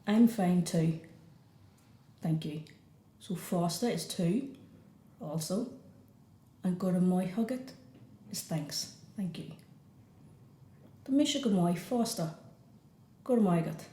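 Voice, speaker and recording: Irish woman teaching phrases slowly. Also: fairly low pitch, lively intonation, dark tone, echoey room. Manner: slow, repeats each phrase twice. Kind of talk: beginner language lesson.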